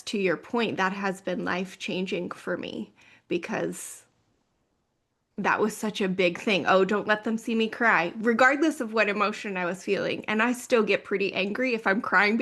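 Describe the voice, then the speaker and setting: A woman coach in a candid podcast conversation, open and personal, often with a soft laugh. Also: medium pitch.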